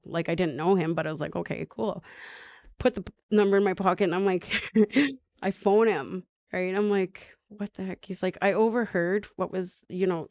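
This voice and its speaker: A woman's voice: lowish voice, darkish tone, no room sound. A woman from Canada telling her recovery story as a podcast guest, earnest, with many "like" fillers and acted-out dialogue.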